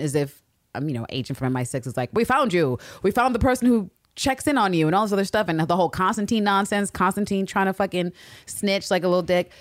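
A woman co-hosting a podcast, casually recapping a TV episode with lots of swearing and quick impressions. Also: deep voice, dry recording, studio quality. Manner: profane, animated storytelling with quick impressions. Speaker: podcast co-host.

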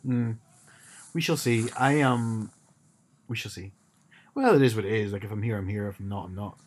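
A man's voice: on the low side, moderate pace. A man co-hosting a casual chat podcast, talking hesitantly and often repeating words as he starts sentences. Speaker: podcast co-host.

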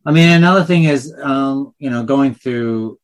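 A man's voice: medium pitch, moderate pace. A man in a casual podcast chat, talking in a thoughtful, rambling way and tagging on "sort of thing". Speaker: podcast co-host.

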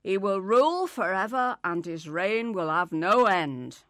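A woman's voice: medium pitch, sing-song, measured pace, a bit bright, no echo, studio quality. Woman doing a bossy child angel. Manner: bossy, insistent.

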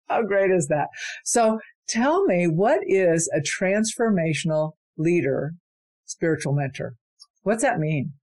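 A woman's voice: fairly low pitch, animated, slow, darkish tone. A woman hosting an interview, asking questions and affirming her guest's stories. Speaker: interviewer host. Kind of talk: conversational interview.

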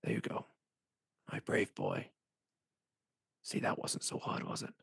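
A man voicing a soft, hushed figure from a boy's past, praising him gently. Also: measured pace, dry recording, studio quality, lightly acted. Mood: soothing.

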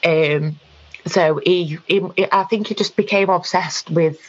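Halting woman, dull recording. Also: lowish voice. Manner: halting, frequent ums and restarts. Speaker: guest. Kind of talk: personal account in conversation.

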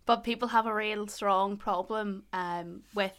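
A woman in her twenties with a Northern Irish Ballymena accent co-hosts a casual podcast, chatty and jokey and laughing often. Her voice is medium in pitch, steady, unhurried, and a bit bright.

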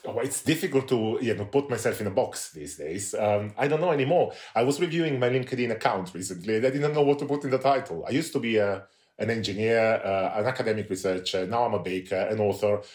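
A man with a Central Italian accent speaks as a podcast guest, relaxed and self-deprecating. His voice sits fairly low and carries a roomy echo. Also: quick pace. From Italy. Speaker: podcast guest, baker and author.

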